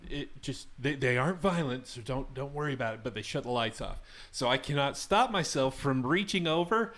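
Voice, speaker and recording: A man's voice: medium pitch, a bit bright. A man telling a story to friends in a casual podcast chat, rambling with lots of fillers and restarts.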